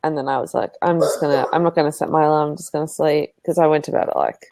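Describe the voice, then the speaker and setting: A woman's voice: low voice, fairly even intonation, fast talker, mellow. A woman chatting casually, telling stories in a rambling, giggly way. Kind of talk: casual chat.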